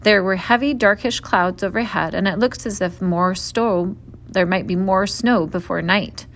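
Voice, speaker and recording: Woman narrator for a children's novel, steady and clear, mid-pitched. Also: unhurried. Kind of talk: audiobook reading of a children's novel.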